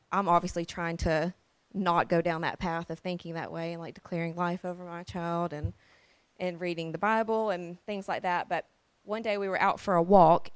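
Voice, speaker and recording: A young woman with a slightly low voice tells her faith story in a relaxed, heartfelt way. She stops often for fillers and picks her sentences up again. The recording is dry and close. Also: no room sound. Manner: earnest, with many fillers and restarts. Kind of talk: casual personal testimony.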